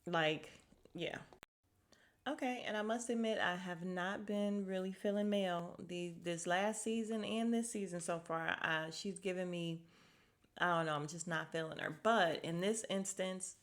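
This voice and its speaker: A woman's voice: lowish voice, measured pace. Opinionated woman recapping reality TV. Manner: opinionated, chatty, acts out quotes from the show. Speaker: podcast host.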